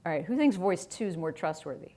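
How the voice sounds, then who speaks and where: Middle-aged woman, conference speaker, conversational delivery, lowish voice, stage mic. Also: lively intonation, quick pace, dark tone. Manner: conversational, chatty, laughs often. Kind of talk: conference presentation.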